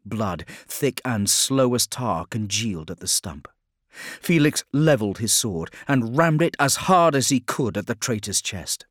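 A man's voice: mid-range voice, dry recording, clean studio sound. Man narrating an action story. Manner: measured, dramatic storytelling. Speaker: audiobook narrator. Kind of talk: scripted narration.

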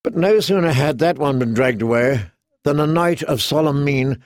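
Man narrating a fantasy audiobook, kinda gravelly, slightly high voice. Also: expressive, dry recording, clean studio sound. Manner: measured, storytelling. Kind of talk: scripted narration.

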